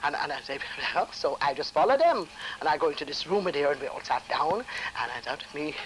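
A woman with a Jamaican accent telling a lively anecdote, laughing often and acting out the voices of the people in it. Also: sits low, fast, slight background noise, poor audio. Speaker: storyteller.

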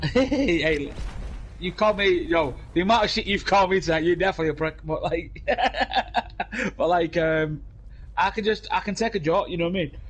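Young british man, casual gaming banter, profane rambling storyteller, slightly raised pitch, headset at home. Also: normal speed, breathy edge. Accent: British English. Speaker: gamer streaming with friends.

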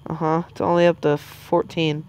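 A woman playing a scary maze game, gasping and yelling at the characters on screen. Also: deep voice, flat delivery, moderate pace, slight background noise. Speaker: gamer. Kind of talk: game commentary.

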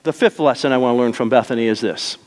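A male pastor preaching a sermon, moving between soft, slow lines and emphatic, raised ones. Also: medium pitch. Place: church sanctuary. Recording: long reverb of a church hall.

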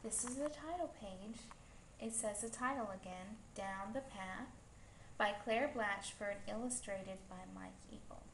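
A woman reading a picture book aloud to children in a slow, gentle storytelling manner. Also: a little high, gravelly, slight background noise. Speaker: storybook reader. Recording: echoey room, faint ambience.

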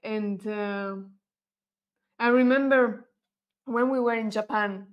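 A woman's voice: a little high, fairly even intonation, slow pace, lo-fi sound. A woman from Italy with an Italian accent, co-hosting a casual live chat and often tagging sentences with a questioning "no?". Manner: chatty, ends thoughts with a questioning "no?". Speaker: co-host.

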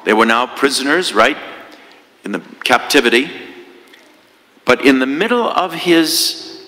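A man's voice: medium pitch, animated, unhurried, bright, forceful tone. Man preaching in an echoey church. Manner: conversational preaching with rhetorical questions. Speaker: parish priest. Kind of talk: sermon.

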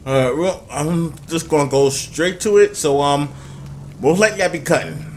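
A man's voice: on the high side, moderate pace, noisy background. A young man commentating a game he is playing, talking to the game and his viewers and swearing a lot. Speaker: gaming YouTuber. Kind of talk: let's play commentary.

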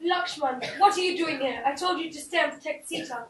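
Stage role: woman voicing a commanding noble prince; high, distant, echoey. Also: brisk, fairly bright tone. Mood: stern. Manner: stern, commanding. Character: noble male prince, stern then grief-stricken. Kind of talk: live stage play. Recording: echoey hall from far off.

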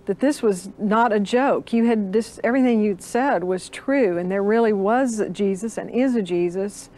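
A woman's voice: medium pitch, darkish tone. An older woman, an interview guest, earnestly recounting a personal story and acting out the dialogue she remembers.

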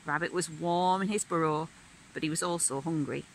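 A woman reading a picture book aloud to young children in a gentle, sing-song manner. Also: low voice, steady tone, normal speed, a little hiss or hum, rough recording. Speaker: children's storyteller.

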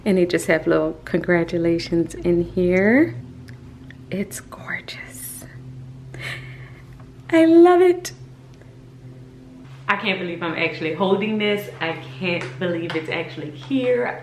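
A woman's voice: mid-range voice, a little hiss or hum. Gushing woman vlogging in an echoey room. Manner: gushing and excitable. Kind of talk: casual vlog talk to camera.

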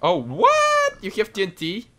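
A young man hosting a casual gaming video, giggling constantly and excitable. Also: high-pitched, a little slow, a loud crowd. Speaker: gaming channel host.

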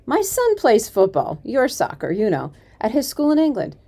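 A woman voicing a friendly, genial middle-aged English gentleman who chats jovially in a storybook reading. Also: a little high, huge pitch swings, normal speed, pitched above the performer's own voice, full character voice.

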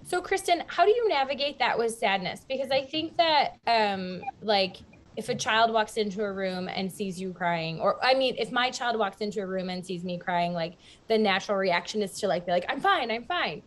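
A woman's voice: medium pitch, normal speed. A woman, a mother, speaking earnestly on a community panel discussion, with many "um"s and "like"s. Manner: earnest, fillers like "um" and "like". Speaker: parent panelist.

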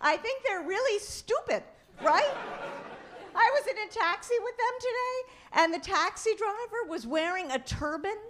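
A middle-aged woman performs stand-up in a comedy club, her voice high and swinging widely as she tells animated stories. She speaks into a handheld stage mic in a live club recording. A light crowd murmur and faint noise sit behind her. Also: moderate pace. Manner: chatty, animated storytelling with mock outrage. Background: audience laughter and room noise.

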